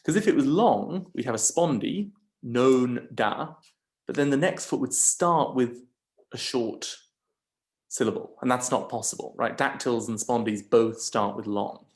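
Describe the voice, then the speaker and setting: A man teaching a lesson, slowly and patiently talking through each syllable. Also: medium pitch. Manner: slow, patient, stresses syllables one by one. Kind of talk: lecture on scanning Greek verse.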